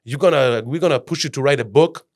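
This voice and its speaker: A man's voice: medium pitch, quick pace. A man from Greece, a guest mentor giving a passionate motivational podcast talk in English, often acting out the voices of people he quotes. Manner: non-native phrasing.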